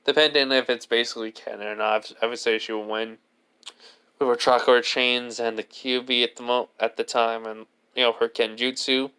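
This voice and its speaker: A man's voice: mid-range voice, little pitch movement, normal speed, bright, forceful tone, clear, resonant tone. A man telling an improvised fan story, rambling and leaning heavily on filler words and restarts. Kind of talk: improvised fan fiction narration.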